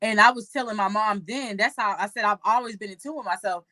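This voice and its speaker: A young woman co-hosting a chat show with a bright, sharp voice and dry, close sound. She tells stories with animated energy and acts out what she and others said. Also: mid-range voice, fast talker, no room sound, poor audio. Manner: animated storytelling, quoting herself. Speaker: co-host. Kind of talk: casual chat.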